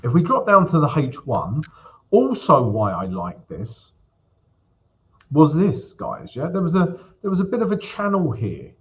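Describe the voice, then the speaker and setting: A man's voice: fairly high pitch, wildly swooping pitch, a little slow, muffled recording. A man hosting a casual live stream about forex trading, chatting loosely with viewers, often calling them guys and using lots of fillers while he walks through a chart.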